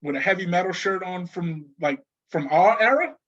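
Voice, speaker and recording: New guy, high voice, lively storyteller, laughs a lot, bit muffled audio. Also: normal speed. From New Orleans. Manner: animated storyteller, laughs often, many restarts. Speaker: guest. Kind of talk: casual conversation.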